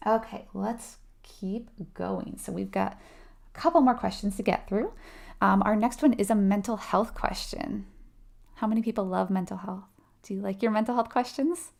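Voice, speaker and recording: A woman's voice: mid-range voice, normal speed, vocal fry, a little mellow. A woman leading a live nursing exam review, talking casually, explaining step by step and asking her viewers questions. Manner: conversational, explains step by step, asks the audience questions; laughs lightly while acting out client replies.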